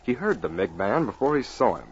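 A man giving measured, dramatic scripted narration for a radio adventure. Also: lowish voice, very animated, slightly rough. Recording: dull old radio broadcast with music.

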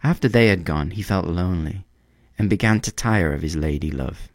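A man reading a storybook aloud in a measured, expressive way. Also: low-pitched, dry recording, clean studio sound.

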